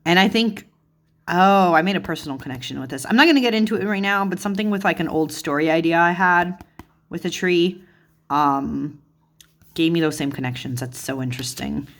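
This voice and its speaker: A woman's voice: on the low side, brisk. A woman hosting a chatty flip-through of a card deck, gushing and easily delighted, with lots of "like" and "oh my goodness". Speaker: tarot channel host.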